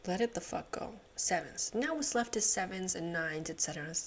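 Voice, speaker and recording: A woman's voice: on the low side, animated, moderate pace, slight background noise. A woman hosting a puzzle channel, thinking aloud as she solves, muttering to herself, swearing and laughing often.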